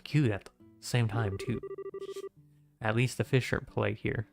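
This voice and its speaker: A man streaming a video game, chatting casually and reacting playfully out loud to what happens on screen. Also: on the low side, steady tone, measured pace, gravelly. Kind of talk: casual gameplay commentary. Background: game music.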